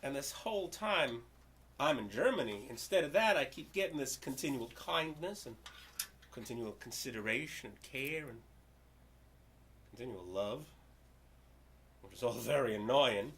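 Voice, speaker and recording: A man from the United States performing a spoken-word story poem, loud and expressive in his telling. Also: medium pitch, normal speed, long pauses. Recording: loud background noise.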